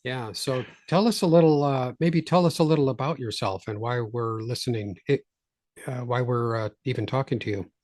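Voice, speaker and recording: A man's voice: medium pitch, normal speed, a little mellow, no echo, studio quality. A man from the United States co-hosting a podcast in a rambling, chatty way. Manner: rambling, chatty, prone to joke accents. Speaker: podcast co-host. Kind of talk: casual podcast chat.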